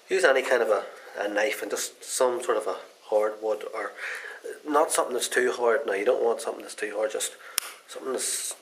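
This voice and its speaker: A man's voice: on the low side, rough recording. A man chatting his way through a casual hands-on guitar repair demonstration in a folksy, rambling manner.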